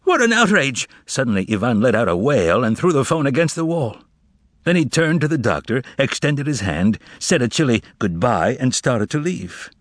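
A man reading a novel aloud as narrator in a measured, expressive way. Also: medium pitch, no room sound, clean studio sound. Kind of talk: audiobook narration.

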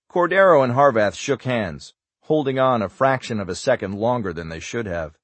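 A man narrating a thriller audiobook in an even, subdued voice. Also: mid-range voice, normal speed, no echo.

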